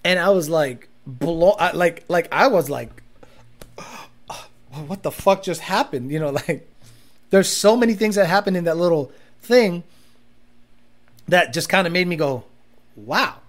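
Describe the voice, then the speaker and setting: A livestream host with a mid-range voice talks a little slowly and pauses often. In this casual chat, the host reads viewer comments aloud and tells animated stories, laughing a lot and swearing freely.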